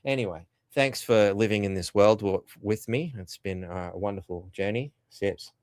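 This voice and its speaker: A man's voice: on the low side, moderate pace, darkish tone. An Australian man hosting a podcast, delivering a rambling, profane, sardonic rant. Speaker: podcast host. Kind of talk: ranting commentary.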